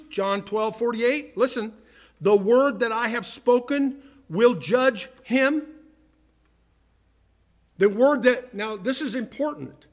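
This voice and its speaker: A male pastor preaching a sermon, acting out courtroom exchanges and moving between loud bursts and quiet asides. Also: high-pitched.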